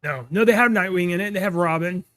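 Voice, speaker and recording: A man in his thirties co-hosting a podcast, chatting casually and telling animated, rambling stories with laughs. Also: sits high, fast talker, dry recording, clean studio sound. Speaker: podcast co-host. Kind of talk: casual chat.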